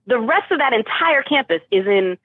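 A woman's voice: fairly high pitch, animated, moderate pace, breathy edge, no room sound. A woman from Boston who works as a teacher, talking in an emphatic, chatty way with lots of restarts. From Boston, United States. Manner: talkative, emphatic, frequent restarts. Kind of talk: casual conversation. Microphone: call audio. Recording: tinny phone line.

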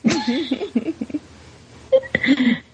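A woman's voice: sits high, lively intonation, extremely slow, darkish tone, dull audio. A woman co-hosting a podcast in casual chat, playful and laughing often. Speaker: podcast co-host.

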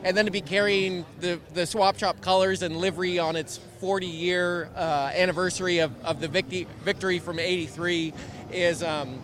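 A man, a race driver and team manager, interviewed on the grid, talking in a halting way with many repeats. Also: sits high, background noise. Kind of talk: pit lane interview. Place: on a crowded racing grid outdoors. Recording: loud crowd behind.

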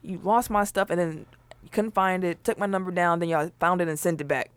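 A woman co-hosting a casual podcast chat, talking loosely with lots of "like" and quick laughs. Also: lowish voice, steady tone, clear, resonant tone. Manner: chatty, laughs often, says "like" a lot. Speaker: podcast co-host.

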